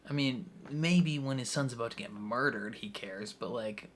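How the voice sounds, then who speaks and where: A young man talks through a TV episode in a loose, rambling way, laughing often and leaning on filler words. His voice sits at an ordinary middle pitch, with a faint ambient hum behind him. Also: normal speed. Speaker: reaction video host. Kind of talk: casual TV reaction commentary.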